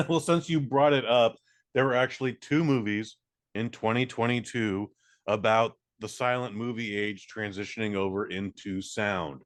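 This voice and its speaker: A man's voice: on the low side, fairly even intonation, no room sound. Sarcastic male podcast host, dry sound. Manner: quick, sarcastic, does jokey voices. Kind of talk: casual chat.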